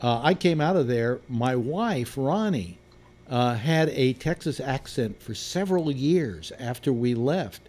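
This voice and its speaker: A man's voice: mid-range voice, expressive, unhurried, a little mellow. Chatty male talk show host. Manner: chatty, storytelling, trailing restarts. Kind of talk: casual panel chat.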